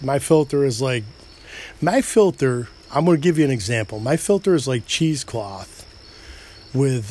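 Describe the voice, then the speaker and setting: A man's voice: mid-range voice, slight background noise. A middle-aged man with an upstate New York accent, hosting a loose, rambling solo podcast, swearing and joking at himself, a bit tipsy after a few drinks. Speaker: podcast host.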